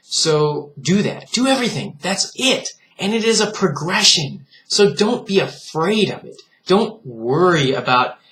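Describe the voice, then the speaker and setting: A man's voice: on the high side, big pitch swings, unhurried, hardly any pauses, a bit bright. A man in a casual vlog monologue, earnest and reflective, speaking straight to his viewers and laughing at what he finds foolish. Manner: earnest and reflective, lecturing the viewer with frequent direct appeals. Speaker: vlogger.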